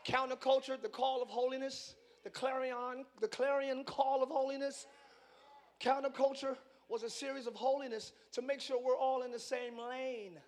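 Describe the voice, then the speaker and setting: A pastor preaching a live sermon to his congregation, excitable and playful, swinging from quiet asides to shouting and teasing the crowd. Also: extremely high pitch, normal speed. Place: large church hall.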